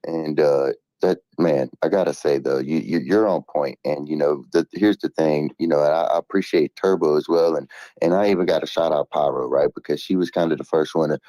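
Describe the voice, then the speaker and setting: A man speaking in a live audio chat, enthusiastic and motivational, giving shout-outs. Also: extremely low pitch, fairly quick, no echo, low-quality recording. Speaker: guest speaker.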